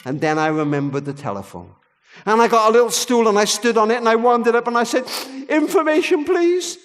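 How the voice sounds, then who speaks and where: A man preaching at a church service, an expressive storyteller with a high voice that leaps lively up and down. His voice rings with the long reverb of a large ballroom. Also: fast talker. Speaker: guest preacher. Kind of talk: sermon with storytelling.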